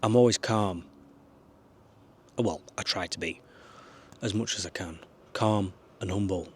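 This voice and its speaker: Talking to camera from his small camper van, a man shares casual life advice that rambles but stays earnest, with the occasional swear word. The vlogger's voice is low, a little slow, and slightly rough.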